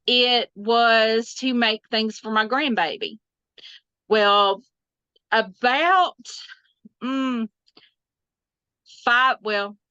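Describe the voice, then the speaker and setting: Slow, bright woman, laughing. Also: a little high, clean tone, no echo, dull audio. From Southern United States. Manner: chatty, laughs often, trailing restarts. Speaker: guest quilter. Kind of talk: casual interview chat.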